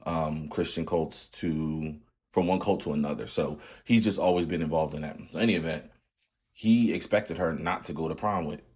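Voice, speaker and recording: A man's voice: extremely low pitch, steady tone, normal speed, darkish tone, slightly rough. A man in his thirties candidly retelling a family story in a casual, slangy vlog. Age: 30s. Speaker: channel host.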